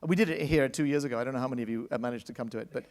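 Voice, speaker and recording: Speaking at a racing pace in a mid-range, darkish voice, an orchestra conductor recounts stories during a live onstage interview at a public library salon. He laughs often, and the recording carries a hall's long reverb in front of the audience.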